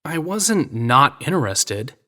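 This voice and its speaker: A man's voice: fairly high pitch, big pitch swings, takes it slowly, pushed and bright, voice pushed up, heavily acted. A man voicing a teasing American woman photographer. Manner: playful, teasing, coy. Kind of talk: audio drama reading.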